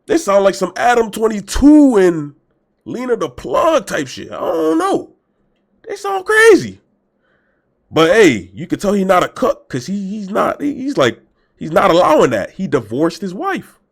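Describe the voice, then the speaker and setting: A young man hosting a reaction video, talking in loud, emphatic slang and swinging between shouts and mutters. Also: high-pitched, huge pitch swings, measured pace, vocal fry. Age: young adult. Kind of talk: casual reaction commentary.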